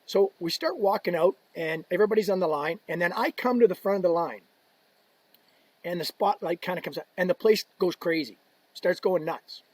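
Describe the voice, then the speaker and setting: A man with a slightly raised, husky voice tells an anecdote as a podcast guest. He acts out the quotes, laughs, and swears casually. The recording is dry and close. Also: high-pitched, normal speed, dry recording. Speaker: podcast guest, equipment ambassador. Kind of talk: casual storytelling.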